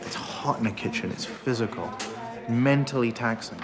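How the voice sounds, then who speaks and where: Crowd noise fills the background as a head chef in a restaurant kitchen swears and barks orders with intensity. He speaks at normal speed with a medium pitch, captured in documentary interview and kitchen-shouting footage.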